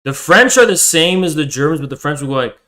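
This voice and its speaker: A man's voice: fairly high pitch, animated, fast, sharp tone. A man streaming live, ranting in a profane, boisterous and confrontational way. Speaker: livestreamer. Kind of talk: ranting livestream monologue.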